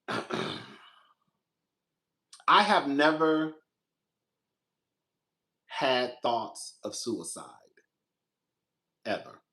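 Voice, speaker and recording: A young man, the show's host, casually telling a personal story, animated, jumping into a high voice when he quotes his own reactions. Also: drawn-out words, vocal fry, long pauses.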